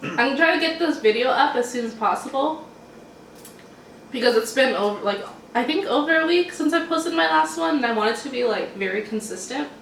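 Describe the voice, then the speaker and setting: A woman's voice: high-pitched, animated, brisk, creaky, a bit bright, slight background noise. A young woman hosting a mukbang at home, chatting casually and rambling in a laid-back way while she eats. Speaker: mukbang host. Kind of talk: casual chat while eating. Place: home, eating at a table. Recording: roomy room sound from a distant mic.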